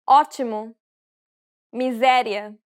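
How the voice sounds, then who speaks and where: Woman, pronunciation drill, very slow, careful single words, slightly high voice. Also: fairly even intonation, smooth. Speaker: native speaker model.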